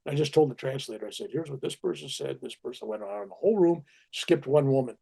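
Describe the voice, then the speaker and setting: An older man, a spiritual teacher, telling anecdotes in a relaxed conversation and acting out the quotes he tells. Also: mid-range voice, fast talker, creaky, breathy edge. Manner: animated anecdotes with acted-out quotes. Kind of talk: storytelling in conversation.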